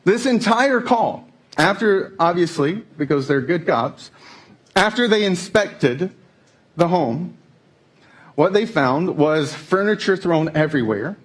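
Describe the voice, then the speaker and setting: A male pastor preaching at a church service with a notably high voice. He tells his stories in a playful, animated way, building up the humor as he goes. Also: takes it slowly, husky. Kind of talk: sermon.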